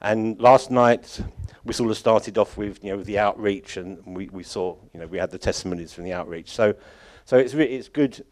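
Rambling, chuckling church leader. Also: male voice, lowish voice, normal speed, hardly any pauses, darkish tone. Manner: rambling, self-correcting, chuckling often. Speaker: conference organiser addressing congregation. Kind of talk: informal closing address at a church conference.

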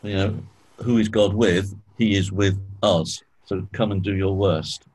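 Low-voiced man leading a Bible study. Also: fairly even intonation, unhurried, a little mellow, poor audio. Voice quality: clears throat often. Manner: explanatory, asks group questions. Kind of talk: informal Bible teaching.

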